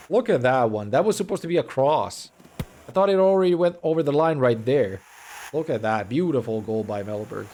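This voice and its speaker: Finnish-accented man, young adult, mumbles and runs words together, casual game stream commentary, mid-pitched voice. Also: lively intonation, fairly quick, a little mellow, a little hiss or hum. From Finland.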